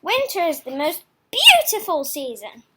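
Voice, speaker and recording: A woman's voice: very high-pitched, huge pitch swings, measured pace, heavy background noise, exaggerated voice. A woman voicing a cheerful female pig who loves the fresh winter air. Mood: hearty.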